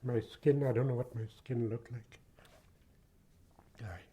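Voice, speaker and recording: An older man giving personal testimony in an interview, speaking haltingly with many pauses and fillers. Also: mid-range voice, fairly even intonation, mellow, husky.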